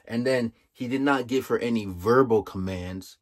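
A man's voice: mid-range voice, normal speed. A young man giving casual, emphatic commentary, exasperated and full of rhetorical questions.

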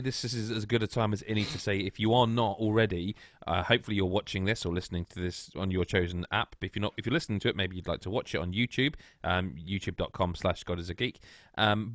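A man's voice: fairly low pitch, a bit bright, no echo, clean studio sound. A man hosting a casual gaming podcast over a video call, chatty and teasing, swearing freely. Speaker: podcast host.

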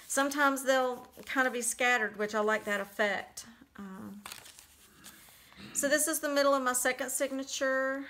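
A woman casually talking through a handmade journal she made, chatty and relaxed with lots of little fillers. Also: on the high side, slight background noise. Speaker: crafter showing a handmade journal. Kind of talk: casual flip-through narration.

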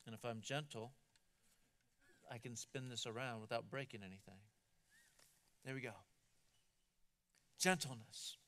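A man's voice: mid-range voice, measured pace, pauses often, sharp tone. A man preaching a sermon in an earnest, emphatic way, often repeating words as he builds a point. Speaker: pastor.

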